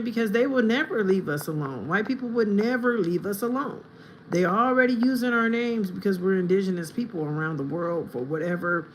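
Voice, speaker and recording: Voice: medium pitch, a little hiss or hum, low-quality recording. A livestreamer from the United States talks to viewers in chat in a long, rambling monologue that turns heated and confrontational.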